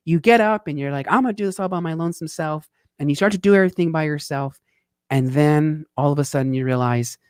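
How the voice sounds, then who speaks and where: Casting: upbeat male host, fairly high voice, dry close sound, lively storyteller who swears now and then. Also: no echo. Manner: animated, swings between excited and weary asides; occasional swearing. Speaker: tax talk show host. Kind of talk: casual talk over travel photos.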